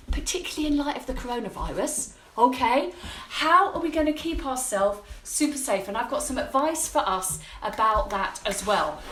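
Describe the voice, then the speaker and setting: A woman's voice: high-pitched, fairly bright tone, reverberant, slight background noise. A woman hosting a casual live stream from her home kitchen, chatty and upbeat, greeting viewers by name. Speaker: host of a live cleaning-product show.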